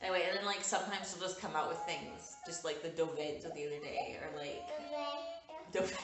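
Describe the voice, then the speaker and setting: A woman's voice: low voice, fast talker, music in the background. A young woman vlogging casually to camera from home, rambling and laughing often. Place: indoors at home with window light. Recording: roomy echo, distant mic, faint noise.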